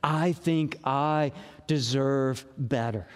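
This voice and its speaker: A man's voice: medium pitch, extremely slow, smooth, big-room sound. A man preaching a sermon as pastor, earnest and conversational, with emphatic rises.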